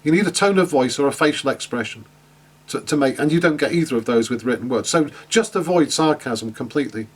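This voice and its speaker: A man with a husky, medium-pitched voice teaches an online lecture at a fairly quick clip, sounding expressive. His delivery is chatty, full of fillers and restarts, and he keeps asking his students questions.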